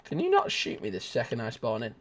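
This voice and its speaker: A man's voice: medium pitch, huge pitch swings, brisk, fairly bright tone. A young man streaming a shooter game, rambling goofily and breaking into squeals, laughs and bits of song. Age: young adult. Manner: goofy, rambling, bursts into shrieks, laughter and sung snatches. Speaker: gaming streamer. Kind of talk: casual live gameplay commentary.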